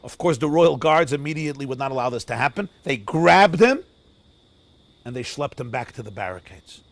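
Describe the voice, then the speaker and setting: Rabbi telling a story, big dynamic swings, Yiddish and Hebrew words sprinkled in, mid-pitch male. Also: animated, normal speed, no room sound. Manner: dramatic, swinging between loud and hushed, Yiddish and Hebrew words mixed in. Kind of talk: sermon storytelling. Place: outdoors near a forest.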